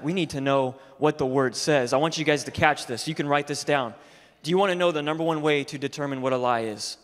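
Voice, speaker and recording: A young adult man, a youth pastor, preaching an energetic sermon that moves from quiet, low talk to loud shouted exhortation. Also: big-room sound. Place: church sanctuary.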